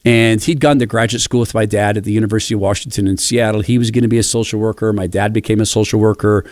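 A middle-aged man from the Pacific Northwest of the United States, sharing personal stories with enthusiastic, reflective warmth. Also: on the low side, steady tone, quick pace, no echo. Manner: warm storytelling, enthusiastic and reflective. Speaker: speaker.

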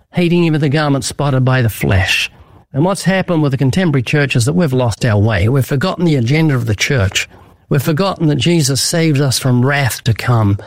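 This guest evangelist has a fairly high, darkish voice and answers interview questions in an earnest, preaching style. He drives points home with emphatic, vivid storytelling, acting out the quotes. The sound is dry and close, with no room sound at all.

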